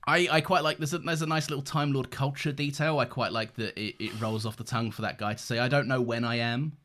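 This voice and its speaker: A man co-hosting a podcast in casual chat, enthusiastic and quick to laugh. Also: medium pitch, steady tone, fairly bright tone. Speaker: podcast co-host.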